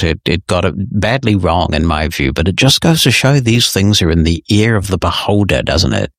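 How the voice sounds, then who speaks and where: Male podcast host, low voice, dry booth sound, steady explainer answering listener mail. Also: moderate pace, no echo. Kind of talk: casual talk.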